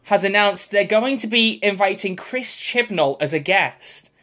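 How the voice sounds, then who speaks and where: Chatty podcast host. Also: male voice, sits high, lively intonation, measured pace, sharp tone. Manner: chatty, rambling, often laughing. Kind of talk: casual podcast chat.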